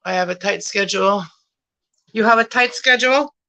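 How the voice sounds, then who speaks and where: A young woman chats with her viewers in a loose, rambling way while she cleans at night, sometimes drifting off the mic. Her voice is bright and forward, and she talks in a middle pitch. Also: moderate pace, dry recording, low-quality recording. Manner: rambling, talks to viewers by name, laughs often. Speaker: vlogger chatting with live viewers. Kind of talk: casual chat while cleaning. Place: home room at night.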